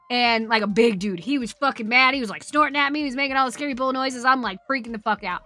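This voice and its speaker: Bright, high-voiced woman streamer. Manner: profane, rambling storyteller who laughs often and greets chat. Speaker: Twitch streamer. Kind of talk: casual live-stream chat and storytelling.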